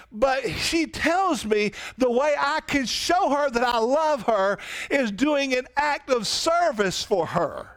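A man preaches a sermon in a loose, conversational way. He keeps turning to his listeners with rhetorical questions. His speaking voice sits notably high for a man. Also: animated, slow pace, fairly bright tone. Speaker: pastor.

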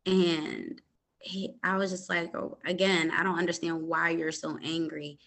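Young woman, lowish pitch, bright edge; podcast host recounting a story, unhurried, hesitant, full of fillers. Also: gravelly. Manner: calm, hesitant retelling with many fillers. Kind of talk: personal storytelling.

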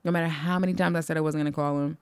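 A woman telling a personal story in casual chat, animated and profane, acting out the lines of the people in it. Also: sits low, rapid-fire, clear, resonant tone, dry recording, studio quality. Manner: animated, profane, acts out quoted dialogue.

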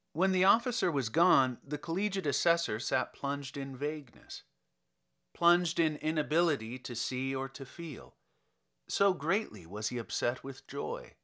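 Male audiobook narrator, animated delivery, bright tone, fairly high voice. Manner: expressive storytelling.

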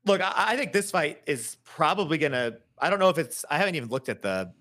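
A man's voice: a little high, animated, quick pace, bright, forceful tone. A man co-hosting a podcast who gives his fight picks in a blunt, opinionated, dismissive way. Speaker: podcast co-host. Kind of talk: casual podcast chat about fight picks.

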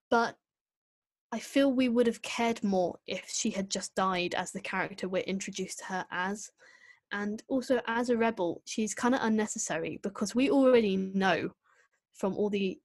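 A woman co-hosting a casual podcast, giving an opinionated, animated critique with quick asides. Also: medium pitch, no echo. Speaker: podcast co-host reviewing an episode. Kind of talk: casual chat.

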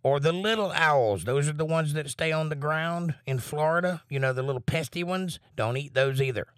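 A man teaching a Bible study, reading scripture aloud slowly and emphatically, then breaking in with blunt asides. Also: a little high, clear, resonant tone, no room sound, studio quality.

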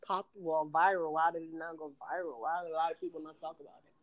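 A woman's voice: sits low, level tone, fast talker, dry recording, lo-fi sound. A woman co-hosting a casual podcast chat, congested with a cold, blunt and slangy. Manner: blunt, slangy, incredulous reactions. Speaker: podcast co-host.

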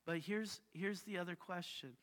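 A male pastor with a high, bright, forward voice, preaching in a casual, chatty way. He keeps tagging lines with "right?" as he tells his stories. His voice carries with a long echo through a large hall. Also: fairly even intonation, moderate pace. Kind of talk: sermon with personal stories. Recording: reverberant hall.

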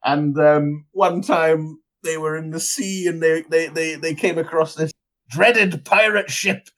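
A man co-hosting a casual podcast chat, often giggling and breaking into high laughs. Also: fairly even intonation, a little slow, a bit bright. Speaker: podcast co-host.

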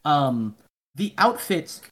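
A man's voice: on the high side, sing-song, takes it slowly, a bit bright. A man, a podcast guest, telling rambling stories in casual chat, swearing often and mumbling the voices of people he quotes.

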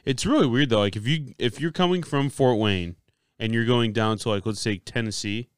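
A man's voice: mid-range voice, normal speed, clean tone, no room sound, clean studio sound. A young man co-hosting a podcast, laid-back and offhand in casual talk. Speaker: podcast co-host. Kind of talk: casual chat.

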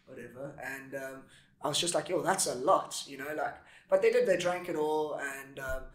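A man's voice: medium pitch, moderate pace. Laid-back man in an echoey room. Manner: laid-back, lots of fillers, says "yo" and "dude". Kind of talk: casual chat. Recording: roomy echo.

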